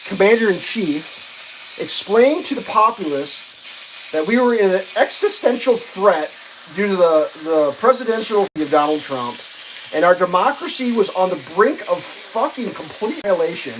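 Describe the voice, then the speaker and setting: A woman's voice: on the low side, a little hiss or hum, low-quality recording. A woman hosting a livestream, ranting casually with profanity, many restarts and exasperated asides. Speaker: livestream host.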